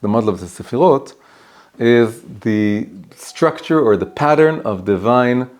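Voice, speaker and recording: A man of middle pitch teaching a class as a rabbi, animated and quick to restart his thoughts. He tells stories and explains ideas in a casual lesson in a private home. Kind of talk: storytelling lesson.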